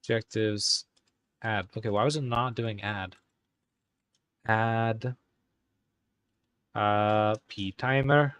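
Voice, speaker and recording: A man hosting a live stream, talking casually and halting as he types commands. He mutters to himself and corrects himself, all in an exaggerated put-on Irish accent. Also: fairly low pitch, steady tone, a bit bright, clear, resonant tone. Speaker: live-stream host coding game commands. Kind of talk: casual live-stream commentary while typing.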